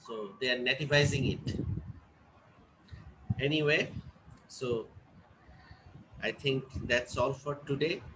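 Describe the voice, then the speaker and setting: A man's voice: medium pitch, slow, pauses often, noisy background. A man lecturing a class, often repeating points and checking that students follow. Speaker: teacher.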